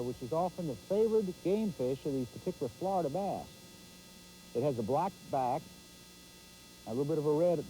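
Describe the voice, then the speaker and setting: Man, fishing show host, excitable folksy play-by-play outdoors; mellow timbre, lively pitch. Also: a little hiss or hum, low-quality recording. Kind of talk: live fishing commentary. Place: outdoors on a boat on a pond.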